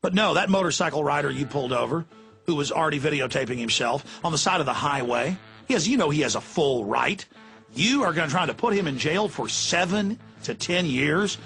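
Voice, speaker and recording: Gravelly ranting talk radio host. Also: male voice, a little high, lively intonation, fairly quick, fairly bright tone, faint music behind. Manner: fiery, ranting, emphatic.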